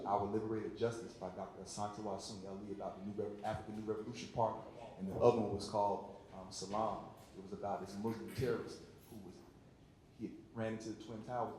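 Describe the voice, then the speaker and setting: Laid-back man telling a story in an echoey hall. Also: a little mellow. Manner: loose and conversational, full of fillers and repeated words. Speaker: actor and teacher on a panel. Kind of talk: casual storytelling to a live audience. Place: large hall at a community event. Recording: very echoey hall with faint rumble.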